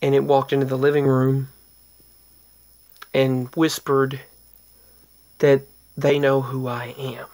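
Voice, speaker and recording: Flat-voiced man recounting ghost encounters. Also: medium pitch, slow, long pauses. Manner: rambling, with restarts and trailing asides. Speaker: vlogger. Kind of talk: casual paranormal storytelling.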